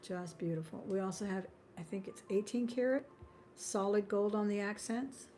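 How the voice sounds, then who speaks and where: Over soft background music, a woman with a warm, mid-range voice and moderate pace hosts a live-stream jewelry sale. She calls out buy-now prices in a chatty, friendly sales patter, drifting into small talk and laughing often.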